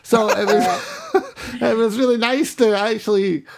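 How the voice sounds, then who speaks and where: A man's voice: high voice, fairly even intonation, measured pace, vocal fry. A man chatting casually as a guest, laughing through his words as he talks. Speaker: event producer. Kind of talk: casual chat.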